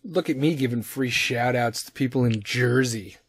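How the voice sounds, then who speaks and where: A man with a Chicago accent giving a casual, profanity-laced shout-out on his podcast, rambling loosely and laughing at himself. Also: mid-range voice, normal speed, husky, no echo. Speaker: podcast host.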